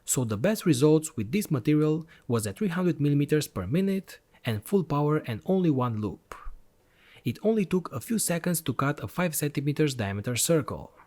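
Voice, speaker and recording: A man's voice: a little high, sing-song, normal speed, a little mellow. A man hosting an electronics channel, narrating a product review voice-over in an enthusiastic, step-by-step explanatory way.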